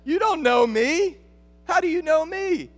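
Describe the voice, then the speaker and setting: A skeptical young man, as a Texan preacher puts him on, speaks up in a pitched-up, disbelieving voice. Each line climbs higher, and a long church-hall reverb trails behind it. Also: expressive, a little slow, fairly bright tone, faint music behind, exaggerated voice. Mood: incredulous. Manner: disbelieving, raising his voice.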